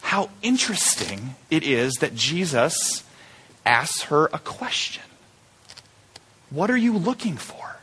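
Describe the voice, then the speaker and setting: A man delivers an Easter sermon with a bright, forceful voice that sits a little high. He preaches in a conversational, animated way and keeps asking rhetorical questions. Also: slightly rough. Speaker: pastor.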